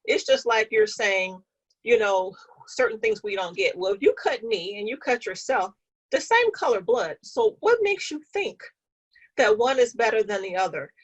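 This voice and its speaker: A woman's voice: mid-range voice, expressive, moderate pace, breathy edge, highs cut off. A woman guest in an interview, telling a personal story in an earnest, conversational way and speaking with conviction.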